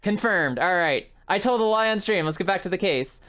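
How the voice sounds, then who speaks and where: Here a woman VTuber gives live gameplay commentary, bantering with chat, laughing and cursing without restraint. Her voice sits on the low side, fairly bright in tone, animated and fairly quick.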